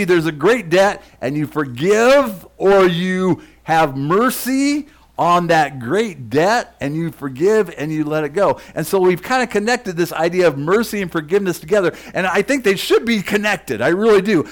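A man preaching a sermon to his congregation, reading scripture and breaking off into casual asides to listeners in the room. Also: a little high. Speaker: pastor.

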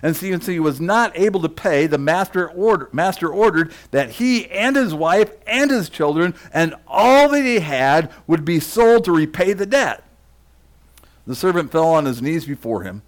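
A man's voice: a little high, expressive, normal speed. A man preaching a sermon to his congregation, reading scripture and breaking off into casual asides to listeners in the room. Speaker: pastor.

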